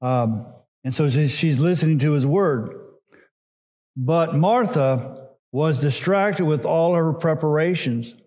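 A middle-aged man, a pastor, preaching a sermon in a relaxed teaching way with frequent "uh"s and side remarks. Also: fairly high pitch, slow. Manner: conversational teaching with asides and filler "uh"s.

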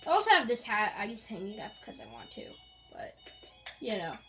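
A woman's voice: fairly high pitch, wildly swooping pitch, fairly quick, pushed and bright, soft background music, rough recording. A woman giving casual, rambling, playful commentary while playing a video game, with jokey asides. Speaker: gaming channel host.

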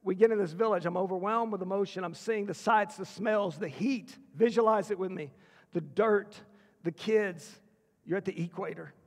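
A middle-aged man giving an emotional sermon testimony as a school chapel speaker, his voice falling to a hush at the hardest parts. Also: high voice, steady tone, normal speed, vocal fry. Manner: emotional storytelling, dropping to a hushed voice. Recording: long hall reverb.

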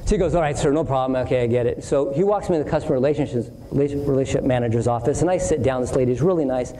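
A man preaching as a pastor, telling a long personal anecdote in an animated way and acting out each voice in it. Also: medium pitch, rapid-fire. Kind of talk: storytelling sermon. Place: church hall. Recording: distant hall reverb, faint noise.

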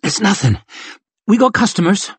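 A man's voice: high-pitched, animated, normal speed, slightly rough, no echo, voice pushed up, full character voice. A man voicing a tough, wounded young woman thief who talks through strained, hidden pain. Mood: gritty.

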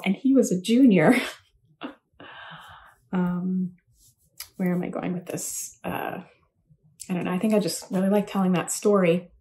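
A woman speaks in a mellow, unforced voice. She tells her story in a loose, self-deprecating way, full of ums and asides. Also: medium pitch. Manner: rambling, self-deprecating, chatty with many fillers. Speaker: commencement speaker. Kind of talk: casual speech. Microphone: home recording for a virtual address.

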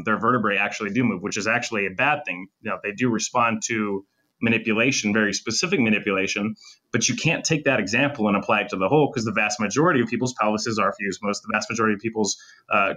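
Man, podcast guest doctor, quick technical explaining, bright forceful voice, lowish pitch. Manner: fast, technical, lecturing with clinical terms. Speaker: sports medicine doctor, guest. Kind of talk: podcast interview, explaining in depth.

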